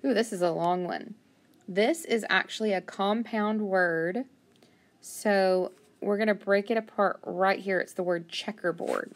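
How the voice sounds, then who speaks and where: A woman teaching a phonics lesson, thinking aloud and patiently sounding out words, with steady praise. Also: medium pitch, measured pace.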